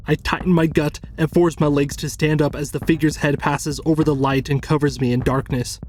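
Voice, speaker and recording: Man, horror narration, measured, tense, mid-pitched voice. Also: steady tone, darkish tone. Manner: tense, measured first-person storytelling.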